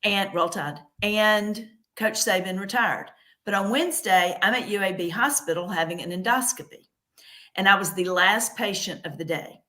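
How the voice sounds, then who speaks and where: A middle-aged woman from the South hosts a casual chat. She tells stories in an animated way, with a bright, clear tone. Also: mid-range voice, moderate pace. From American South. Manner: animated storyteller, drawling. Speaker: host.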